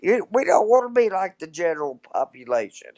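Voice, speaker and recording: A woman's voice: mid-range voice, big pitch swings, fairly quick, a little mellow. An older woman, the host's mother, chatting on a live stream in a teasing, folksy, rambling way. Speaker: guest, mother of the host. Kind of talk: casual live-stream chat.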